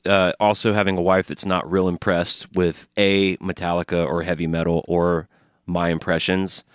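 A man's voice: deep voice, flat delivery, moderate pace, clean tone, dry recording, studio quality. A man co-hosting a podcast in casual chat, upbeat and crude-humored, plugging the show and reading emails. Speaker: podcast co-host. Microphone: studio microphone.

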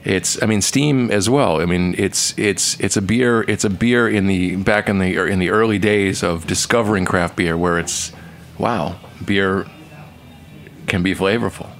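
A man chatting casually and haltingly about the classic beers he grew up with. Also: low voice. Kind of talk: casual chat.

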